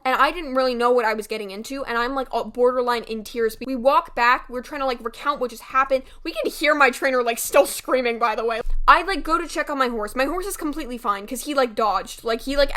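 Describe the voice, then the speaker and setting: Young woman, higher pitch, bright voice, animated, casual, swears. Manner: animated, swears freely, many fillers. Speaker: storytime vlogger. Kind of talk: casual storytelling.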